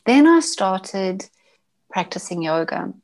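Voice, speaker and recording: A woman, sharing a personal story as an interview guest in a casual, halting way, often restarting and repeating words. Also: mid-range voice, big pitch swings, a little mellow.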